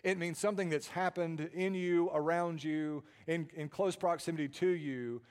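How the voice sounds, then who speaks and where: A man, preaching a sermon with dynamic swings from hushed tones to loud emphasis and frequent repeated words. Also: fairly high pitch, fairly even intonation, normal speed, clean tone. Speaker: pastor.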